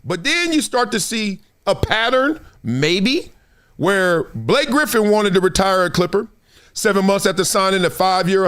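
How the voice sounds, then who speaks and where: On an animated live-streamed sports talk show, a middle-aged Compton, Los Angeles host imitates quoted voices and laughs frequently. He speaks with a high pitch.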